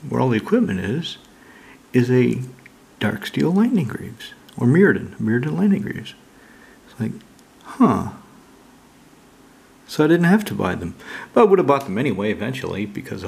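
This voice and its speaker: Gravelly dude rambling about his mail, swears a lot, super blunt. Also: medium pitch, a little mellow. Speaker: card collector opening mail. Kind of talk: casual chat.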